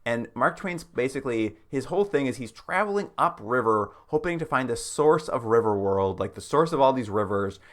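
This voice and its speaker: A man co-hosting a podcast, recapping a TV miniseries in casual chat with wry, deadpan asides and chuckles. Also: medium pitch, moderate pace, few pauses. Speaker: podcast co-host.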